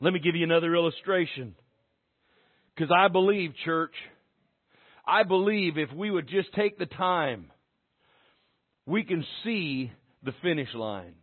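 A man preaching a sermon to his church with passion, dropping to a hush and then rising to a shout. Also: a little high, animated, a little slow, long pauses. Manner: impassioned, swinging from hushed to shouting. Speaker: pastor. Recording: tinny phone-like sound.

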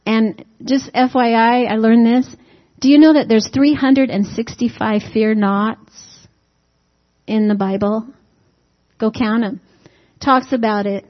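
A woman's voice: fairly high pitch, fairly even intonation, slow. Chatty woman preaching a homey sermon. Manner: conversational, asks the congregation rhetorical questions; folksy humorous asides. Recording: dull lo-fi recording.

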